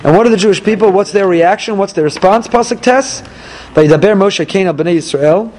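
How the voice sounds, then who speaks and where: A male rabbi teaching a weekly Torah class, animated and acting out dialogues in little quoted voices. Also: sits high, brisk.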